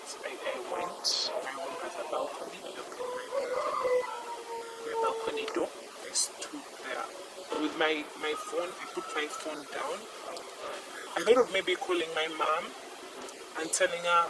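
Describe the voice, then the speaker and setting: A young woman gives a personal testimony, halting and repeating herself, often sinking to a near whisper. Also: on the low side, sing-song. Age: young adult. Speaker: interviewee. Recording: noisy background hiss.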